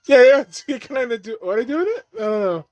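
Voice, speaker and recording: A man's voice: very high voice, expressive, fairly quick, darkish tone, no echo. A man giving casual watch-along commentary on a movie, laughing often and swearing freely as he riffs jokes.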